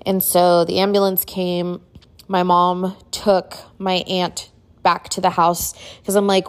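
A middle-aged woman tells a personal story in a loose, chatty way, sprinkling "like" throughout. Her voice sits a little low for a woman. She grows animated when she acts out what people said. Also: measured pace. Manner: chatty, filler-heavy, uses "like" often. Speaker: podcast host.

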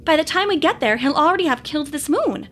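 A woman's voice: sits high, expressive, quick pace, fairly bright tone, soft background music, pitched above the performer's own voice. A woman voicing a worn, stubborn woman space ranger who speaks in a determined, earnest way.

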